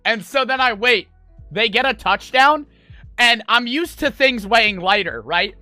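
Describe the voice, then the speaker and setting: A man's voice: very high-pitched, animated, a little slow, pushed and bright, dry recording, faint music behind. A young man streaming, telling a rambling, profane story to his chat. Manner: rambling, profane, full of fillers.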